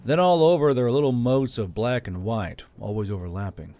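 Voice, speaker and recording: A man narrating a war fantasy story in a steady, measured reading voice. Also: mid-range voice. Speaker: audiobook narrator.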